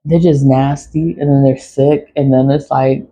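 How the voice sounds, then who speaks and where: A woman's voice: extremely low pitch, steady tone, unhurried, warm tone, husky. A woman around forty, telling her story in a blunt, profane, laughing casual monologue. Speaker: vlogger. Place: home in the city early morning. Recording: dull lo-fi recording.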